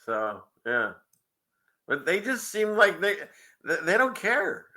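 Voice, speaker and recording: A man hosts a casual livestream show, rambling through clips with frequent chuckles and conspiratorial asides. His voice sits high, with a sing-song, slow delivery and a sharp tone.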